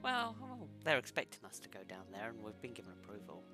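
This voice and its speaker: A man's voice: fairly low pitch, wildly swooping pitch, fast, music in the background. A man playing a tabletop game, casually thinking aloud. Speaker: player.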